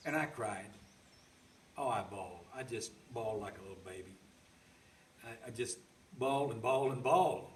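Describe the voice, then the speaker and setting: A man's voice: medium pitch, normal speed, long pauses. Older male storyteller, rambling homespun delivery, recorded off-mic in an echoey room. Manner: homespun, rambling, repeats words. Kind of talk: folksy spoken storytelling. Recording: roomy sound from a distant mic.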